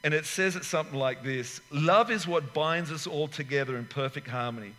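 A pastor in his sixties preaches with a fairly high, sharp and forceful voice, emphatic and full of rambling asides. His sermon rings out through a hall with a long reverb. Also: a little fast. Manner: emphatic, rambling asides, acts out little scenes.

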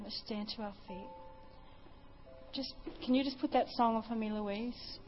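A woman's voice: on the high side, steady tone, unhurried, long pauses, lo-fi sound, soft background music. A woman preacher giving an impassioned sermon and testimony at a church service, often repeating her phrases.

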